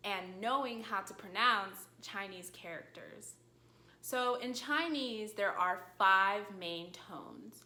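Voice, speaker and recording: A woman teaching a video lesson in an animated way, her voice swooping up high when she acts out calling a dog. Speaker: language teacher. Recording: echoey room.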